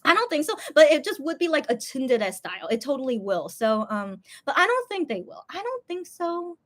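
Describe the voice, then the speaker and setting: Young woman, casual livestream chat, animated and lively, many fillers and repeats. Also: high voice, a little fast. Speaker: livestream host. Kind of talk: casual live-stream chat.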